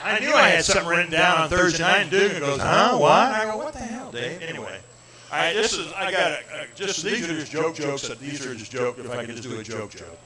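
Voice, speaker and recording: A man's voice: on the high side, fast, sharp tone. A middle-aged man, a comedian chatting and telling jokes in a rambling, self-deprecating way. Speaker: comedian guest. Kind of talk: stand-up jokes and casual chat. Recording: roomy live venue with crowd.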